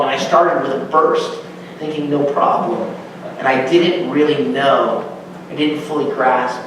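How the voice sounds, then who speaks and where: A man teaching a Bible class in sermon style, acting out quotes with big swings in his voice. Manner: animated, acts out quotes with big pitch swings. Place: church hall. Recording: echoey room, voice from far off, faint hum.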